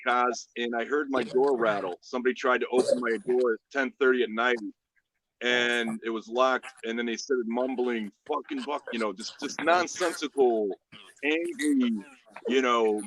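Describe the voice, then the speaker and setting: A man hosting a casual livestream, telling stories in a profane, animated way. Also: mid-range voice, normal speed. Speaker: livestream host. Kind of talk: casual chat.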